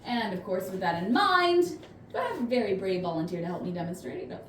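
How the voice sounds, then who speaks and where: A woman's voice: mid-range voice, sing-song, quick pace, fairly bright tone. A young woman guiding a ghost tour, telling scripted stories with playful puns and chatting with the crowd. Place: outdoors on a night tour stop. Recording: echoey, distant, faint noise.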